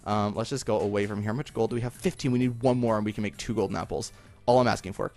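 A young man giving chatty, excitable gameplay commentary, talking to himself and to things in the game, with lots of fillers and repeated exclamations. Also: on the low side, fast talker, soft background music. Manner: talks to himself and to game objects, often yelps and repeats "no, no". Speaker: gaming video creator.

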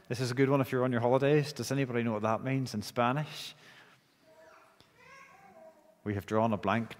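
Northern Irish man in an echoing church. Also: medium pitch. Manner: halting, often repeats the opening words of a phrase. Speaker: church service leader. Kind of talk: prayer and children's talk in a church service. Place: church sanctuary. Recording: long church reverb.

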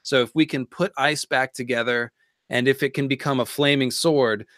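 A man's voice: medium pitch, steady tone, moderate pace, a bit bright, no echo, clean studio sound. A man co-hosting a casual livestream chat, talking with enthusiasm and building theories. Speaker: co-host of a fan discussion livestream.

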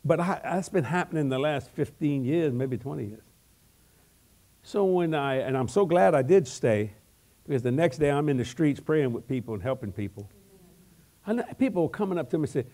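Folksy older preacher with a higher voice. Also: male voice, normal speed. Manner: folksy, animated, repeats words while telling stories. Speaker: evangelist preacher. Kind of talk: humorous storytelling sermon.

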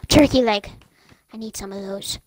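A teenage girl chatting playfully during a game, putting on a squeaky childlike voice. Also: measured pace, dry recording, low-quality recording. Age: teens. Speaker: gamer. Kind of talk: casual gameplay chat. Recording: loud game music behind. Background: loud game music.

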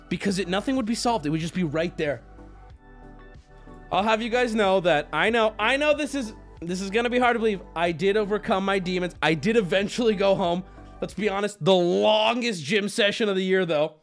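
A man livestreaming from his home setup, telling his chat a story in an animated, profane, self-mocking rant. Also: high-pitched, creaky.

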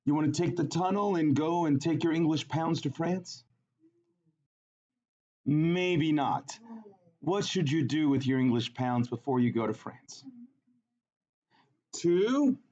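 Jokey male chemistry teacher lecturing, fairly high voice, muffled lo-fi sound. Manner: animated, jokey, asks the class questions. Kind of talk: classroom lecture with storytelling.

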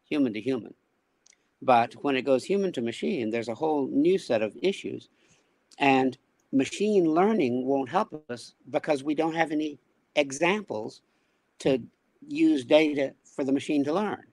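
A man with a gravelly, fry-tinged voice explains his ideas in a measured, thoughtful way. His pitch sits in the middle range, and the recording is dry and close with no room sound. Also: lively intonation, a little mellow, no echo. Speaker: interview guest, speech technology scientist. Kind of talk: casual conversational interview.

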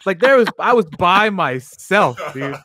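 A man's voice: high-pitched, a little slow. Laughing male radio co-host. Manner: laughing, animated storytelling. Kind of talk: casual show banter.

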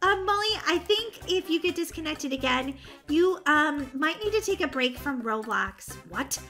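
A woman chats her way through a game in an excitable, bubbly way, easily exasperated when things go wrong. Her voice sits high and sounds sharply bright. Faint music plays underneath. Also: moderate pace. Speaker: gaming channel host. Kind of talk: casual gameplay chat.

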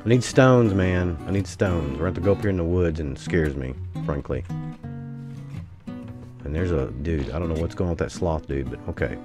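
A man from the US giving casual, rambling gameplay commentary as a gaming YouTuber, swinging between excitement and grumbling. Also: a bass voice, brisk, music in the background.

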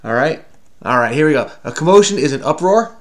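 A man's voice: on the high side, expressive, brisk. A man hosting a casual crossword solve with a child, teasing playfully and patiently explaining the clues. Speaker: crossword solving host. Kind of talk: casual puzzle-solving chat with a child.

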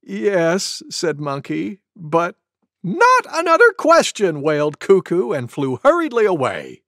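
A gentle male goose reads a storybook in a kids cartoon. His voice leaps all over the scale as he plays each animal, taking his time over every word. The sound is dry and close. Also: on the high side, takes it slowly, gravelly, no room sound, exaggerated voice. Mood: storytelling. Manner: lively, voices each animal with big sneezes.

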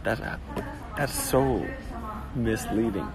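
A man's voice: fairly low pitch, takes it slowly, over loud music. A man hosting a casual phone livestream, rambling and joking as he greets viewers in a cafe. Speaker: livestream host. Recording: noisy phone livestream audio.

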